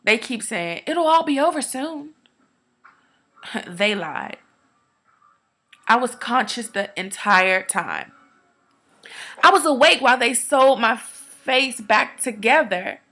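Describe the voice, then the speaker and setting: A woman performing a dramatic monologue, telling a first-person story in an earnest, quiet, measured way. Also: fairly high pitch.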